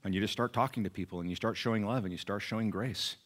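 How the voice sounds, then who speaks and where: A male pastor preaching a sermon in a church, earnest and personal, moving between raised emphasis and hushed, near-whispered passages. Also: lowish voice, fast talker. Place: church sanctuary.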